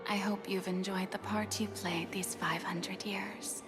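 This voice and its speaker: A woman voicing a theatrical young woman and former goddess in a video game, who speaks with a soft, hushed, dramatic delivery. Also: mid-range voice, flat delivery, a little slow, close to an everyday voice. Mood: wistful. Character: theatrical young woman, once a goddess, facing her execution. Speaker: game character. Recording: game audio with loud music underneath.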